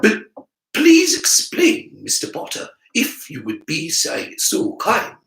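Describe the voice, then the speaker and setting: A man's voice: sits high, huge pitch swings, takes it slowly, vocal fry, fairly bright tone, echoey room, pitched above the performer's own voice, heavily acted, poor audio. Man doing a stern Scottish witch professor. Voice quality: precise, clipped.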